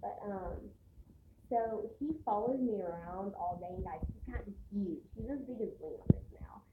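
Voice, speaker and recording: A woman's voice: mid-range voice, lively intonation, normal speed, echoey room, narrow, tinny audio, very noisy. A woman chatting casually to her viewers at home, rambling with lots of fillers and restarts. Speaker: vlogger. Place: home, indoors. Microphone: phone camera.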